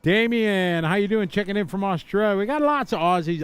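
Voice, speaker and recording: A middle-aged man doing live play-by-play commentary at an outdoor racetrack. He is chatty and excitable, laughing and shouting out crashes as they happen. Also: sits high, moderate pace, smooth, dry recording. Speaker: race commentator.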